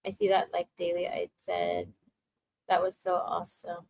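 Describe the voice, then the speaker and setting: A young adult woman hosting a casual spiritual livestream, reading out viewer comments and giving tarot readings with frequent laughter and warm affirmations. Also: fairly low pitch, big pitch swings, normal speed, poor audio. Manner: bubbly, laughs often, emotional and affirming.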